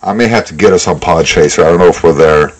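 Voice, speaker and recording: A man's voice: sits low, quick pace. A man co-hosting a podcast, talking bluntly and profanely in casual chat with frequent tangents. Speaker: podcast co-host.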